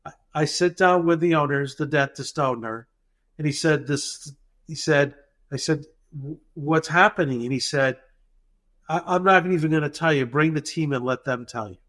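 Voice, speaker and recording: Man, consultant, storytelling, acts out dialogue, slightly high pitch. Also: moderate pace. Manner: animated, acts out dialogue in the retelling. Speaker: dental practice consultant. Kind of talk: storytelling anecdote in a podcast interview.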